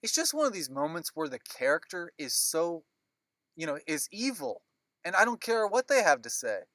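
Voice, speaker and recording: A man hosting a movie podcast in a lively, joking way, throwing in quick asides. His voice is bright and forward. It is close and dry on the mic. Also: a little high, no room sound. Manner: animated, jokey, quick asides. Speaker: podcast host. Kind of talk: casual chat.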